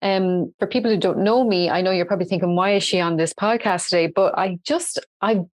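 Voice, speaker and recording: Irish woman, podcast guest, lowish voice, dry sound, chatty and cheeky. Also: brisk, no echo. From Ireland. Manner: cheeky and chatty, earnest about her story. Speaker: podcast guest, social media expert. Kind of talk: casual interview talk. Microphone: video call.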